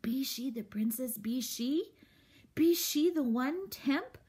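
A woman reading aloud voices a reverent male giant roach who speaks in a hushed, breathy, old-fashioned way. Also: high voice, sing-song, slow, voice pushed up, full character voice. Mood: awed.

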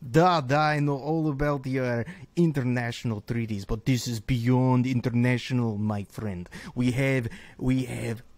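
Dark, slow-talking accented professor, as a man puts him on, comedy sketch. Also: medium pitch, steady tone, dry recording, lightly acted. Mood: grave. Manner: slow, heavily accented, broken speech. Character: slow, grave male professor with a heavy accent.

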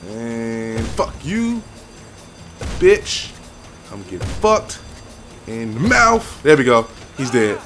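A young man swearing and venting through gameplay commentary, with loud outbursts that sink into low, weary muttering. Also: very animated, slow pace, faint music behind. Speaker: gaming YouTuber.

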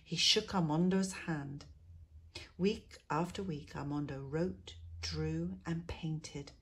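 A woman teacher reading a picture book aloud to schoolchildren, expressive and dropping to a hush in quiet moments. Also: sits low, slow, a little hiss or hum. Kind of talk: storybook read-aloud.

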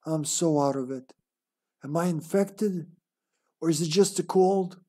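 A sick, isolated ship officer mumbles his diary entries in a low, tired hush, as a man puts on a monster voice. The voice sits a little high and drags along slowly, fading into weary murmurs. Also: breathy edge. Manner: slow, hushed, weary diary reading in a put-on monster voice. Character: lonely infected male ship officer writing a diary.

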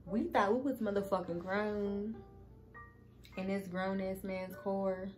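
A woman's voice: mid-range voice, fairly even intonation, slow, a little mellow, soft background music, rough recording. A woman telling a casual storytime to her viewers, chatty and swearing freely as she talks to them. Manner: chatty, cursing freely, addresses viewers as y'all. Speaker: vlogger.

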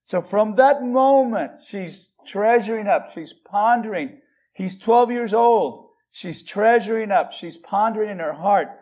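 High-voiced earnest male pastor preaching. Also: measured pace, darkish tone, lo-fi sound. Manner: earnest, with frequent restarts and stretched emphasis on key words. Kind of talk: sermon.

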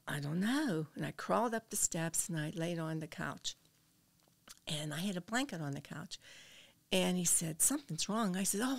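A woman's voice: lowish voice, gravelly, no room sound. An older woman, a podcast guest, earnestly telling a personal story and dropping to a whisper at tense moments.

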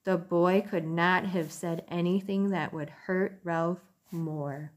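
A woman's voice: lowish voice, steady tone, slow. Woman reading a children's chapter book. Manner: gentle, clear storytelling; casual chatty sign-off. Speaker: storybook reader.

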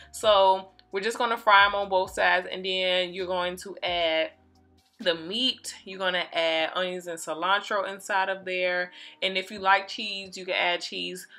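A young adult woman casually walking viewers through a recipe in her home kitchen, chatty and relaxed. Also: fairly low pitch. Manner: chatty, relaxed, addresses viewers as y'all and you guys. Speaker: cooking vlogger. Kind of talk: casual cooking tutorial. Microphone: phone camera.

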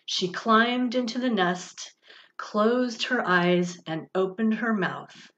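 A woman reads a children's storybook aloud, very slowly and gently, with expressive phrasing. Her voice sits in a middle pitch. The recording sounds somewhat dull and lo-fi. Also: a little hiss or hum. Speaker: director of religious education.

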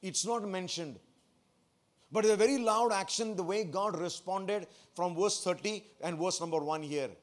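A man's voice: high voice, normal speed. A man, a pastor, preaching a sermon to his church, asking the congregation questions and repeating phrases for emphasis.

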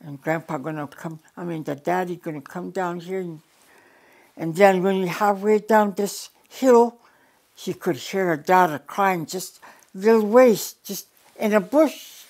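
Older woman, low-pitched, from the Yukon, oral storyteller, unhurried with frequent restarts. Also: a little mellow. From Yukon, Canada. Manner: unhurried, restarts and repeats words, plain direct phrasing. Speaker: elder storyteller.

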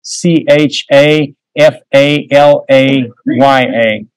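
A man's voice: medium pitch, steady tone, extremely slow, smooth, no room sound, rough recording. A man giving a casual history talk, taking audience questions with lots of fillers. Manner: folksy, conversational, many fillers. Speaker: guest speaker. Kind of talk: history lecture and Q&A. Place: meeting room.

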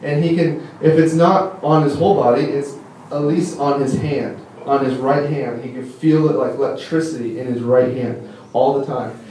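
A man's voice: mid-range voice, steady tone, normal speed, darkish tone, a little hiss or hum. A young man giving a casual, rambling sermon at a conference, full of fillers and enthusiastic stories. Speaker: conference speaker. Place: church hall. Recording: echoey hall from far off.

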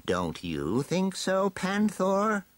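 A man voicing a gloating evil skeletal overlord in a storybook reading, with sly, drawn-out villainous muttering. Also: high voice, huge pitch swings, no echo, pitched above the performer's own voice, full character voice.

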